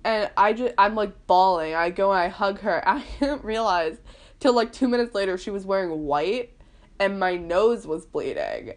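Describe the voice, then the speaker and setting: A woman's voice: mid-range voice, lively intonation, normal speed. A young woman vlogger casually telling a personal story, chatty and full of fillers, laughing often. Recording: poorly recorded.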